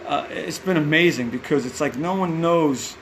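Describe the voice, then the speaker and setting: A musician guest with a New York accent, his voice on the high side and his pace normal, tells rambling backstage stories in a casual hotel-room interview. He acts out quotes and swears now and then, with a little hiss or hum in the recording.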